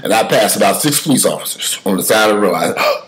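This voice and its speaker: A man with a somewhat low voice talking casually, mixing stories with opinion. He gets animated and emphatic, swings from loud bursts to low mutters, and curses freely along the way. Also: quick pace, poor audio. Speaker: commentator. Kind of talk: casual spoken commentary with storytelling.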